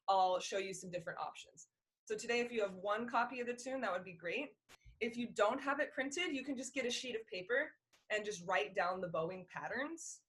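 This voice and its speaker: A woman's voice: mid-range voice, fairly bright tone. A young woman teaching a fiddle class on a video call, explaining rhythms and counting beats aloud in a friendly way. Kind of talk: online music lesson.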